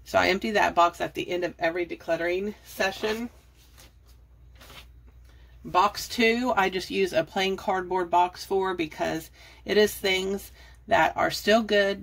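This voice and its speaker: A middle-aged budgeting and decluttering vlogger, out of breath, rambles chattily through decluttering tips to her phone camera in a casual how-to talk. Her voice is lowish with vocal fry.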